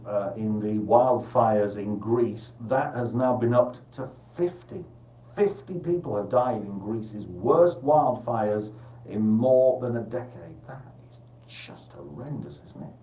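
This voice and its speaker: A man's voice: medium pitch, dark tone, roomy sound, recorded from a distance, poor audio. A man hosting a live breakfast radio show, rambling and jokey in a casual, chatty way.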